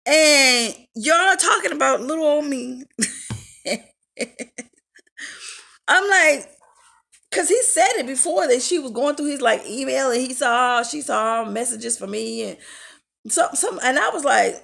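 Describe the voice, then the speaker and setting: A woman's voice: sits high, expressive, moderate pace, gravelly, a bit bright. A woman vlogger telling a storytime rant in a sassy, blunt and profane way. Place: home in Las Vegas.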